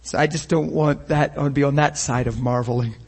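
A man's voice: fairly high pitch, steady tone, fast talker, slight background noise. A man preaching a sermon with passion, firing rhetorical questions and acting out the scenes he describes.

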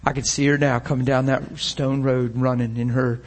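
A man's voice: mid-range voice, level tone, moderate pace. A man preaching a sermon with passion, firing rhetorical questions and acting out the scenes he describes.

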